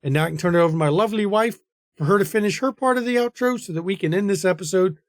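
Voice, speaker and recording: A man's voice: high-pitched, racing, dry recording, studio quality. A man hosting a tabletop game stream, chatting casually and earnestly in the outro. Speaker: game master and host.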